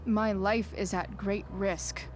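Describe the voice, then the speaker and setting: A woman plays a sarcastic rebellious teenage girl in a video game. She talks slowly, wry and guarded, letting her words drag. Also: mid-range voice, steady tone, soft background music, natural voice.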